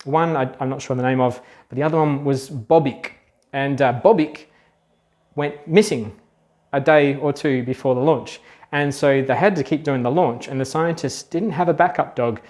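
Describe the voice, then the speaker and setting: A man's voice: medium pitch, normal speed, a little mellow. A man, a children's book author, telling facts to kids in a chatty, casual storytelling manner. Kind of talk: explainer video for kids.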